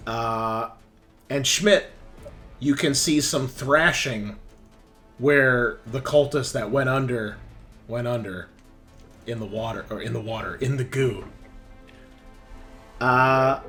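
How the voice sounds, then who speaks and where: A man's voice: mid-range voice, animated, slow, pauses often, fairly bright tone, faint music behind. A man running a tabletop role-playing game as game master, explaining rules patiently and narrating the action.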